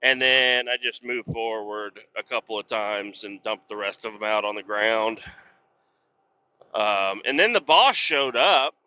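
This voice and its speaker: Man, very bright tense voice, dull lo-fi recording, swearing, rambling driver rant. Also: lowish voice, measured pace, clean tone. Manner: profane, blunt, exasperated ranting. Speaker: podcast host and truck driver. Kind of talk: rambling casual storytelling. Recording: dull lo-fi sound.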